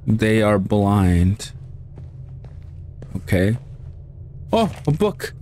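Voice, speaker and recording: A man's voice: mid-range voice, takes it slowly, pauses often, darkish tone, a little hiss or hum. A man commentating a horror game as he plays, swearing often and shrieking when he gets startled. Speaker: let's play gamer.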